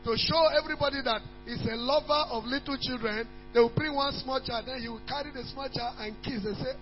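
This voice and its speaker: A male pastor delivers an emphatic sermon, repeating key words and reading scripture. His voice sits very high for a man. It rings through a large hall with a long reverb, and faint music and hum sit underneath. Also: a little fast, hardly any pauses, lo-fi sound.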